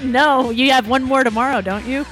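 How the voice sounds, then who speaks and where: Wry woman guest with a fairly high voice. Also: fairly even intonation, normal speed, over music. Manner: wry, joking. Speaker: podcast guest, co-host. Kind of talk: casual political talk.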